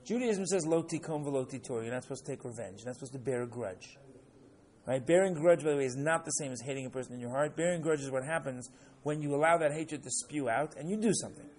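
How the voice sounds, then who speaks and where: A man teaching a class, lecturing in an animated way and often checking in with "right?" while acting out examples. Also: medium pitch, fast talker. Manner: animated, keeps asking "right?"; acts out examples with rising excitement.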